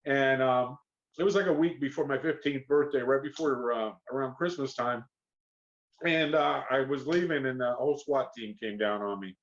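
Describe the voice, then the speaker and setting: A man's voice: mid-range voice, normal speed. A middle-aged man from Miami with a Southern accent, telling stories as an interview guest and acting out the voices he quotes. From Miami, Florida. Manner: animated storyteller who acts out quoted voices. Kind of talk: storytelling interview. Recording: slightly muffled podcast audio.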